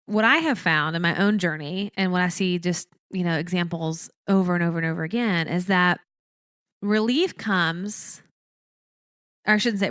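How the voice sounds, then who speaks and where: A woman's voice: on the low side, a bit bright, clean tone, dry recording, clean studio sound. A woman hosting a podcast alone, talking earnestly in a teaching way and repeating phrases for emphasis. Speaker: podcast host. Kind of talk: reflective solo podcast talk.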